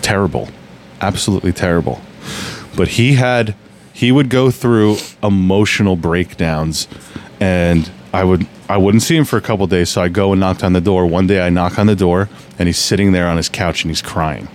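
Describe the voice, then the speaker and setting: A man's voice: low voice, moderate pace, a little hiss or hum. A man telling stories in a casual podcast chat, rambling and restarting often.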